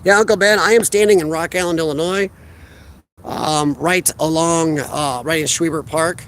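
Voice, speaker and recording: Live streaming from a riverfront park, a Midwestern American man talks into a phone camera he holds, chatting casually and responding to viewer messages he reads aloud. He speaks at a moderate pace in a fairly high, steady, slightly bright voice.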